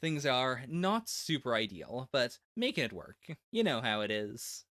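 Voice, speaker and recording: A man's voice: mid-range voice, big pitch swings, unhurried, fairly bright tone, no echo, studio quality. A man giving a casual, rambling live reaction to manga chapters, full of "like" and little laughs. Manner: rambling and chatty, lots of "like" and laughs. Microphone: laptop setup.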